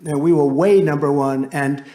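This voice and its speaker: A man's voice: a little high, fairly even intonation, moderate pace, dark tone. A man who is a political candidate, giving a campaign rally speech in a rambling, boastful way with asides to the crowd.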